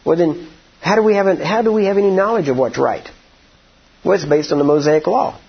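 A man preaching a sermon, telling a story in a folksy, drawn-out way and rising to emphatic declarations. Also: high voice, gravelly, husky, muffled recording.

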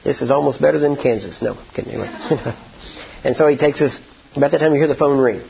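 A man preaching a sermon, telling a story in a folksy, drawn-out way and rising to emphatic declarations. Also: mid-range voice, creaky, muffled recording, slight background noise.

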